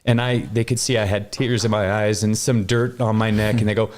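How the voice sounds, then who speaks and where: A man from Wyoming telling a long story in casual conversation, animated and jumping up in pitch when he acts out what people said. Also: fairly quick. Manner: animated, acts out quoted voices with big pitch jumps. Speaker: guest.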